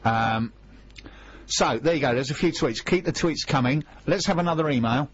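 A man's voice: fairly high pitch, normal speed, slightly rough, dry recording, lo-fi sound. A man co-hosting a radio show in casual chat, reading out tweets and spelling out web addresses.

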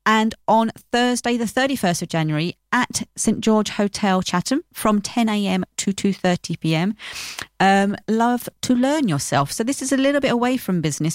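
A woman's voice: mid-range voice, no echo. A woman hosting a radio show from the studio, running through upcoming events in an upbeat, chatty, promotional way.

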